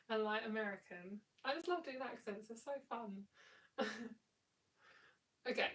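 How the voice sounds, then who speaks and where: A woman's voice: fairly high pitch, expressive, unhurried, a bit bright, distant mic, rough recording. A tired woman giving a live tarot reading in a chatty, rambling, affectionate way. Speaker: tarot reader.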